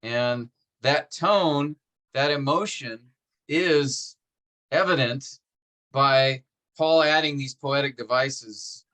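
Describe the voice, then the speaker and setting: A man's voice: mid-range voice, slow pace, pushed and bright. A man teaching a seminary class over a video call, explaining step by step and checking in with "right?". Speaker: seminary instructor.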